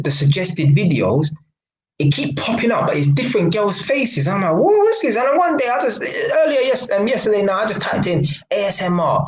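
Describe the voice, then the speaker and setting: Young streamer, blunt and mocking, a bit high-pitched, roomy echo. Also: male voice. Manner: blunt and mocking, London slang, frequent laughs. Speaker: live stream host. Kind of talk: casual live stream chat. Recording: echoey room.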